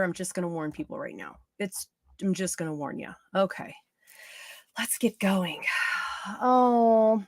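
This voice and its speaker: A woman's voice: medium pitch, fairly bright tone, no echo, clean studio sound. A middle-aged woman giving psychic readings on a live stream, chatty and playful, often drifting off topic. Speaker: psychic medium.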